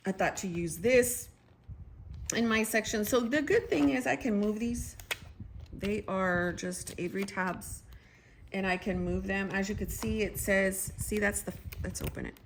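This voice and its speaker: A woman in her thirties chatting casually at home about her planner, excitable and talking to herself as she goes. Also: mid-range voice, measured pace, slight background noise, rough recording. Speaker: planner vlogger. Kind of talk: casual chat.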